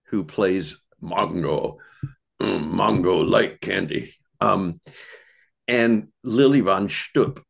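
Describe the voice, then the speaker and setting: A man's voice: sits low, vocal fry, a bit bright. A man talking as a podcast guest in casual conversation, reflective and searching for his words.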